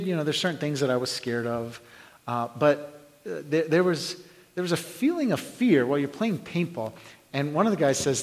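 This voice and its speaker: A man preaching a sermon, telling a story with lots of restarts and shouted sound effects. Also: on the high side. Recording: long hall reverb.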